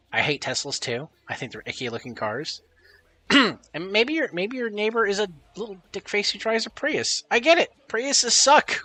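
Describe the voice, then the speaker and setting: A man's voice: on the high side, pushed and bright. A man streaming live, chatting casually and rambling with lots of swearing while reading chat messages aloud.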